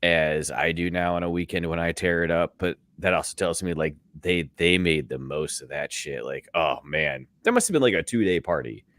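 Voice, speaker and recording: A man co-hosting a sports podcast in casual chat, joking and swearing in a lively way. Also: low voice, normal speed, hardly any pauses, no echo, studio quality. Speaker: podcast co-host.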